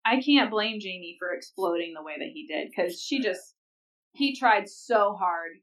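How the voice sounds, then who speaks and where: A woman's voice: medium pitch, expressive, moderate pace, fairly bright tone, far from the mic. Frank woman co-host, a bit off-mic. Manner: frank, opinionated, blunt wording, laughs while quoting. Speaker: podcast co-host. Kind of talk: casual chat.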